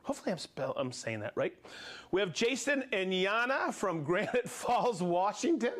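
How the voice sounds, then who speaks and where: A man hosts a live show with a high, bouncing voice that swings all over. He jokes and laughs often as he reads off the names of viewers. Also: moderate pace. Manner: energetic, jokey, laughs often. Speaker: host of a live product show. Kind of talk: lively live-stream chat reading viewer shout-outs.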